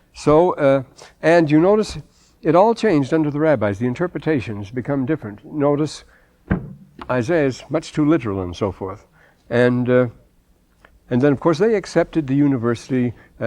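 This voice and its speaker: A man's voice: medium pitch, darkish tone, no room sound. A man giving a scripture lecture in a wry, digressive way, often restarting his sentences and quoting old texts. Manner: digressive, wry, quotes German and Shakespeare freely; frequent restarts and repeated words.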